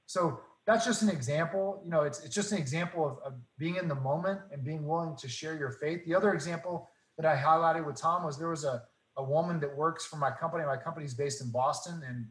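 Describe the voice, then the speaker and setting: A man telling faith stories in casual talk, earnest and animated, acting out the dialogue. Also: on the high side, fairly quick, reverberant, rough recording. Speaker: guest.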